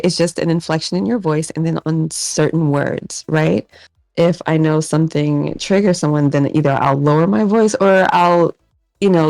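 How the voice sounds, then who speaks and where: Lower-voiced woman getting over a cold. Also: darkish tone, no room sound. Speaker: audio role-play creator, returning guest. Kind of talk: casual podcast chat.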